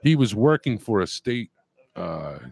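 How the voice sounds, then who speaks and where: A man's voice: on the low side, sing-song, unhurried, creaky, darkish tone, husky, dry recording. A man co-hosting a podcast at an event, talking loosely and joking with some swearing. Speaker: podcast co-host. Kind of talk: casual chat.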